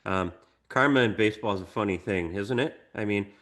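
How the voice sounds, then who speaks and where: Man, low voice, casual sports podcast, emphatic, restarts often. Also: a little fast. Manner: animated, emphatic, lots of restarts. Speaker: podcast co-host.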